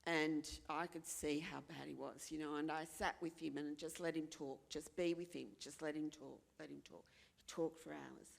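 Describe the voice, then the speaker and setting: A woman's voice: low voice, fairly even intonation, moderate pace, vocal fry, in a large hall. An Australian woman speaking frankly and earnestly at a forum, repeating phrases for emphasis and acting out the voices of people she quotes. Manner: acts out other people's voices when quoting. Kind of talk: candid personal talk at a forum.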